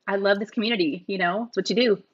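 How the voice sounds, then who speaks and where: A woman's voice: medium pitch, fairly even intonation, quick pace, highs cut off. A woman hosting a livestream in casual chat, greeting viewers by name. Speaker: livestream host.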